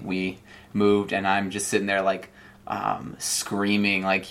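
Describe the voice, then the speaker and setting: Young male interview guest, low voice, lively storyteller who acts out quotes. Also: moderate pace, gravelly. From Nigeria and Ohio. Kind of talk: casual interview.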